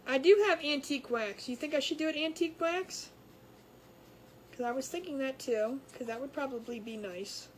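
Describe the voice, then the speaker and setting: A woman's voice: high-pitched, normal speed, a little hiss or hum, rough recording. A woman hosting a home craft livestream, chatting casually with viewers, rambling and laughing often. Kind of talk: casual chat with live viewers.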